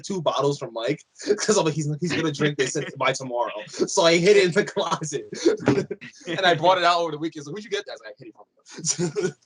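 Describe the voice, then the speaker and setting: A man's voice: fairly high pitch, slightly rough. A young man co-hosting a podcast in casual chat, giggling between sentences. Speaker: podcast co-host.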